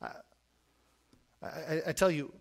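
A middle-aged man preaching a sermon in an earnest way, repeating words as he starts phrases and swinging from quiet to loud. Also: fairly high pitch, slow, vocal fry.

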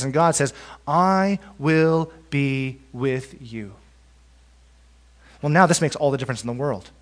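A male pastor preaching a sermon with dynamic delivery, rising for emphasis and dropping to a hush on key lines. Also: mid-range voice.

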